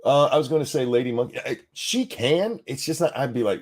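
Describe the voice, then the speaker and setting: Talking fairly quickly at a medium pitch, a middle-aged co-host of a live stream show reads out donations. His delivery is animated and jokey, laced with profanity, rambling, and prone to restarts.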